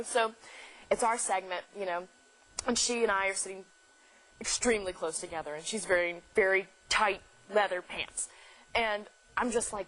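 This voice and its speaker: A young woman chatting as a talk show guest. She tells stories with animated energy and acts out her own reactions. Her voice sits at a middling pitch. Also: moderate pace, rough recording. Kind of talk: casual chat.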